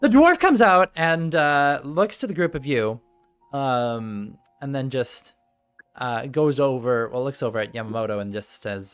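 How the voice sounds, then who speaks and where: A man's voice: mid-range voice, expressive, unhurried, a bit bright, clean tone, no echo, soft background music. A man narrating a tabletop game as game master on a live stream, rambling and easily distracted, laughing often.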